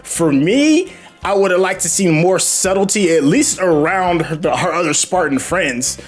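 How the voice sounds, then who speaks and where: Man with a slightly high voice, opinionated host. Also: normal speed, faint music behind. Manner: animated, opinionated, asks questions. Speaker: show host reacting to a TV episode. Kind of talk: casual review chat.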